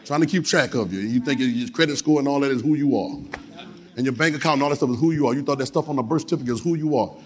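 A man preaching a sermon, leading call-and-response, repeating phrases and swinging from low, quick talk to shouted lines. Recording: long hall reverb.

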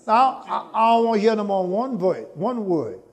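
A man preaching a sermon, calling to the congregation for answers and climbing into shouts. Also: sits high, sing-song, normal speed. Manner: call-and-response preaching, rising to shouts.

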